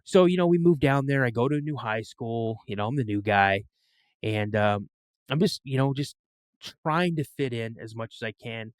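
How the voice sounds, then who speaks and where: A man's voice: medium pitch, normal speed, clean tone, no room sound. Man telling a story, dry sound. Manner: animated, acts out quoted voices. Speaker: podcast guest. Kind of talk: casual storytelling.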